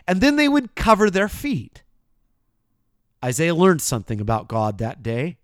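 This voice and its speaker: A man preaching a sermon, addressing the listener directly, moving between hushed asides and loud proclaimed lines. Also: a little high, no room sound, clean studio sound.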